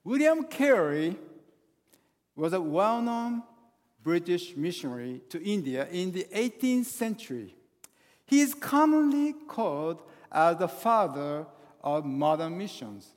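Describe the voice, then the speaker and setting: High-voiced man preaching, halting. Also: sing-song. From Japan. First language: Japanese. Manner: halting, full of hesitations and restarts. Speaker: guest pastor. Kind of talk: sermon. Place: church sanctuary. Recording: long hall reverb in a church.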